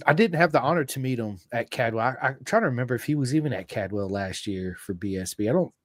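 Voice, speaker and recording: An American man hosting a podcast, chatting casually and telling stories with bursts of excitement. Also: mid-range voice, fast, dry recording, clean studio sound. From United States. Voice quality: excitable, animated storyteller. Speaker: podcast host. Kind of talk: casual interview chat.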